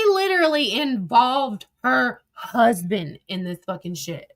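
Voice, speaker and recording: A woman speaking a bit high, reading text messages aloud with a steady stream of profanity and gossip. She breaks into laughter often as she recounts the exchanges. The sound is dry and close, with no room around her voice. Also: normal speed, hardly any pauses, no echo. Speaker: social media streamer.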